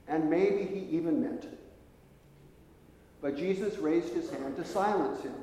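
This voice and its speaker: A man's voice: a little high, a little slow, mellow, slight background noise. Male preacher telling a story in an echoey hall. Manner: vivid, conversational storytelling. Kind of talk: sermon storytelling. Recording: echoey hall with long reverb.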